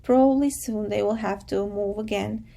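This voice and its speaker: A woman teacher who calmly and patiently guides her class, summarizing a chapter and reading a novel aloud. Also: medium pitch, normal speed, vocal fry. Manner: calm, patient, guiding students.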